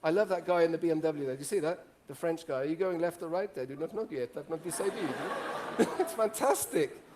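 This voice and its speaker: A middle-aged man with a rather high-pitched voice tells lively stories to a room full of listeners. He jokes and quizzes the audience as he goes, in an animated, playful manner. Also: fairly quick. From Italy. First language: Italian. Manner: animated and joking, asks the audience questions. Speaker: speaker. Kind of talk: storytelling talk to a live audience.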